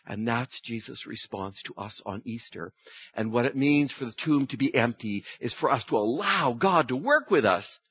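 A man preaching an Easter sermon, telling stories with lively, acted-out voices. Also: normal speed, husky, no room sound, muffled recording. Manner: animated storytelling, acting out voices with big pitch jumps. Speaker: pastor.

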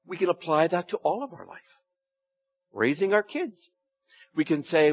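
On a dull lo-fi recording, a pastor delivers a folksy, conversational sermon full of rhetorical questions for the congregation. His husky voice is on the high side and swings widely in pitch at normal speed.

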